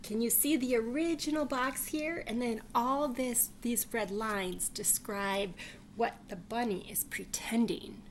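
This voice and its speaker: A woman reading a picture book aloud to children, animated and asking them questions. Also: fairly high pitch, a little slow, a little hiss or hum. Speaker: library read-aloud reader.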